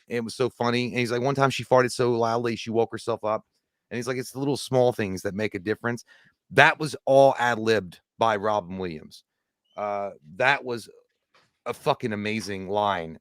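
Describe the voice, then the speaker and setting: A man's voice: lowish voice, dry recording, clean studio sound. A man co-hosting a livestream, rambling casually about movies, swearing and laughing often. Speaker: co-host.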